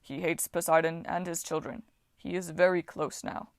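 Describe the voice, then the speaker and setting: A woman reading aloud, voicing a huge, gentle male Titan who talks in slow, simple, halting words. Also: creaky, dry recording, studio quality. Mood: grave. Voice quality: deep, soft, halting simple speech.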